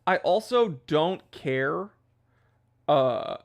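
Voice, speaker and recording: A man's voice: on the high side, animated, takes it slowly, vocal fry. Rambling male livestream host. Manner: rambling, loose, laughs at his own jokes. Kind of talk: casual livestream chat.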